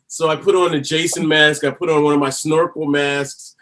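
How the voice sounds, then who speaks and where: Guy on a podcast, bit high voice, animated, laughs a lot telling stories. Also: normal speed. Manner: animated storyteller, laughs often. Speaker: podcast guest. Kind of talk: casual interview chat.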